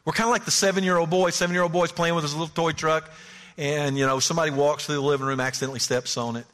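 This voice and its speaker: A male pastor preaching a sermon in an emphatic way, repeating words and dropping into quiet asides. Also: fairly high pitch, fairly even intonation, very fast, long reverb tail.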